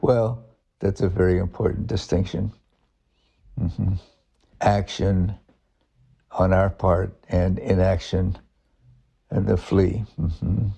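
A man giving a reflective spiritual talk, halting and searching, thinking aloud as he goes. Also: sits low, level tone, creaky, warm tone, breathy edge. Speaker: Christian speaker.

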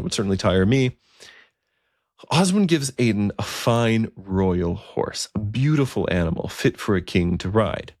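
A man's voice: low-pitched, vocal fry, dry recording, studio quality. A man narrating a story in a conversational way, with occasional fillers.

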